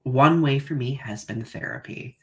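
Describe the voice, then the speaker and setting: A young adult man hosting a live podcast in casual chat, talking haltingly with many restarts. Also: medium pitch, fairly bright tone. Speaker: podcast host.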